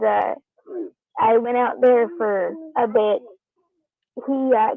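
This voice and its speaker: A woman's voice: a little high, gravelly, no echo. A woman chatting casually over call audio, teasing and laughing often. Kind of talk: casual chat. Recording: tinny phone-like line.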